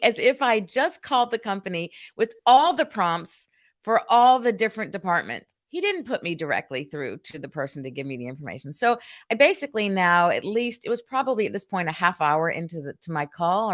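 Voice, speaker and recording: A woman hosting a live stream, telling a frustrating story in a casual, animated, exasperated way. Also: on the low side, brisk. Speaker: host.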